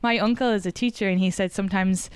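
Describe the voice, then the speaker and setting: An Irish woman talks in a relaxed, rambling way, full of "like" asides. Her voice is smooth and clear. The sound is dry, with no room echo. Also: mid-range voice, fast talker. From Ireland. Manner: chatty storyteller, many "like" fillers. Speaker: comedian guest. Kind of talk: casual chat.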